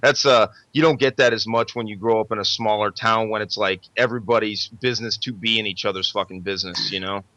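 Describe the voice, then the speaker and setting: A man hosting a podcast in casual chat, talking loosely with profane, halting restarts. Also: fairly low pitch, fairly even intonation, bright, forceful tone, slight background noise. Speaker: podcast host. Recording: dry, dull lo-fi sound.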